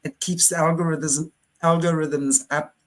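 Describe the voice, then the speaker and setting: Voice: mid-range voice, steady tone, unhurried, rough recording. An interview host talking in an earnest, impassioned way, often restarting sentences. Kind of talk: casual interview chat.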